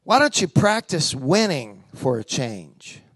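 A calm, commanding male voice of God, as a preacher puts him on, speaking slowly and with measured weight. It sits lower than the preacher's own voice, which is already quite high for a man. The sound is dry and close. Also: slightly rough, no room sound, heavily acted. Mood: solemn.

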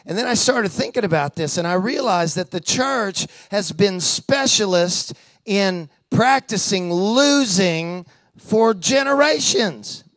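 An animated male preacher tells a story in a chatty, conversational way and keeps drawing the crowd in with questions. His voice sits high for a man. The recording is dry and close, with no room echo. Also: takes it slowly. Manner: animated, conversational, lots of call-and-response. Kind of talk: storytelling sermon.

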